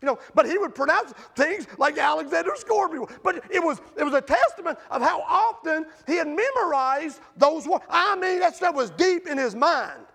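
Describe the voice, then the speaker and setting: A man preaching a sermon with passion, swinging between loud outbursts and hushed storytelling. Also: very high-pitched, big pitch swings, normal speed, creaky, few pauses.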